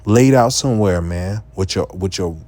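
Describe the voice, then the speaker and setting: A man giving a profane, impassioned street-preaching rant, full of stammered restarts and sudden rises to near-shouting. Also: low voice, moderate pace, no room sound.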